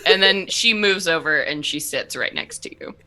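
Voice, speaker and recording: Low-voiced woman game master. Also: normal speed, bright, forceful tone. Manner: descriptive, filler-heavy. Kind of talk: narrating a tabletop game.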